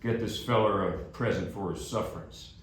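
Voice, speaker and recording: A man quoting a drawling Texan boss, folksy and calm. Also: on the low side, normal speed, a loud crowd, close to an everyday voice. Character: laid-back Texan boss, an older man. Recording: echoey hall from far off, background noise.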